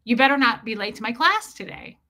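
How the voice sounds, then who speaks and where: A woman impersonates a brusque small-town school principal with a thick, country-sounding drawl. Her lines are clipped and dismissive, and the voice sits a little high with a sharp, bright edge. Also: animated, brisk. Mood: curt. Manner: blunt, clipped, eager to hang up.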